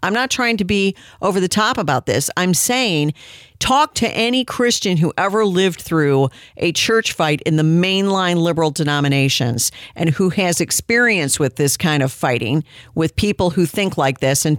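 A woman's voice: on the low side, expressive, normal speed, no echo. A woman hosting a talk radio show, giving sarcastic, combative commentary from a studio. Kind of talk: opinionated commentary.

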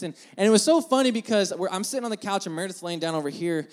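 Brief: male pastor, high voice, casual and joking, tells stories from the pulpit, long church reverb. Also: fast. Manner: casual, joking, animated storytelling. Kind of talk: storytelling sermon. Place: church sanctuary.

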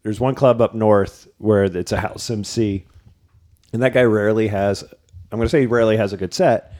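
Male comedian, casual and blunt, lower voice. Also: fairly quick, darkish tone. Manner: blunt, self-deprecating. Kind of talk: casual chat.

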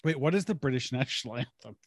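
A woman with a low-pitched voice co-hosts a casual podcast, rambling and giggling as she breaks off mid-sentence. Her pitch swings widely as she talks, and the sound is dry and close. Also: animated, fast talker, no echo. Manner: giggly, rambling, self-interrupting. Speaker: podcast co-host. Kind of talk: casual chat.

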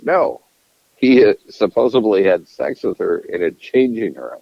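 A man's voice: fairly low pitch, sing-song, a little slow, gravelly, no echo, muffled recording. A man co-hosting a podcast, chatting casually about politics in a profane, rambling way and often restarting his sentences. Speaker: podcast co-host.

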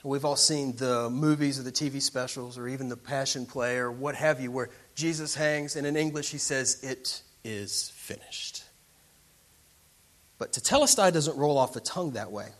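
A man preaching a sermon to a church congregation in a dramatic way, moving from quiet passages to loud ones. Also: medium pitch, brisk, few pauses. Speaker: pastor.

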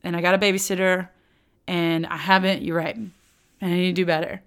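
A woman's voice: level tone, brisk, clear, resonant tone. A woman voicing an apologetic husband who sheepishly and eagerly makes amends to his wife. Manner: sheepish, eager to please, softer and lower.

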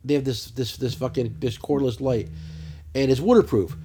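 A man's voice: mid-range voice, steady tone, normal speed, mellow. A man hosting a casual podcast, a rambling storyteller who swears constantly. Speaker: podcast host. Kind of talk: casual chat. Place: lounge, lying on a couch.

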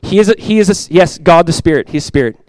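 This is a man in his thirties, a pastor, delivering a laid-back sermon peppered with quick asides. The recording is close and dry with no echo or room sound, and his voice sits somewhat higher than most men's.

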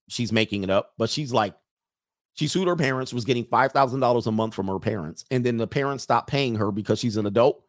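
A man's voice: medium pitch, dry recording, clean studio sound. A man hosting a casual livestream, reading viewer messages, joking, laughing often and mimicking people.

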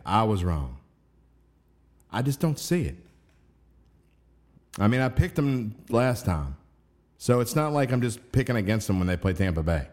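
A man's voice: fairly low pitch, a little mellow. A man hosting a sports radio show, chatting casually and talking through his game picks. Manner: conversational, hedging, talks through game picks.

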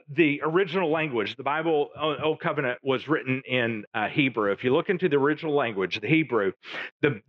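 Man, pastor, sermon, storytelling with jokes, animated, dull lo-fi dry sound. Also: mid-range voice, dry recording. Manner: storytelling with jokey asides.

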